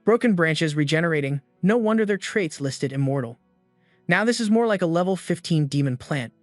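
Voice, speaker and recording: A man's voice: on the high side, expressive, a little fast, no room sound. A man steadily reading a scripted story recap. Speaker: narrator. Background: faint background music.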